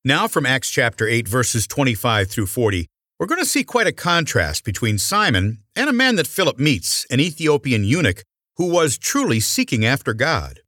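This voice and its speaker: A man hosting a radio program, reading a scripted introduction in a smooth announcer manner. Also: mid-range voice, sing-song, moderate pace, pushed and bright, no room sound. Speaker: radio host. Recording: dry studio voice with faint music.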